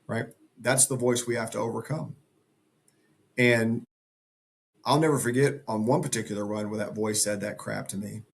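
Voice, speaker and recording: A man's voice: lowish voice, fairly even intonation, normal speed, creaky, pauses often. A middle-aged man speaking as a podcast guest, earnest and emphatic in a motivational way. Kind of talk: conversational interview.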